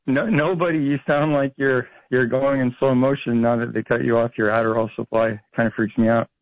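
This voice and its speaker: A man's voice: medium pitch, steady tone, normal speed, no echo. A man from Florida phones in with wry jokes, full of uhs and restarts. His voice comes through a thin, dry phone line. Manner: joking, hesitant with fillers. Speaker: caller. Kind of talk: call-in radio chat.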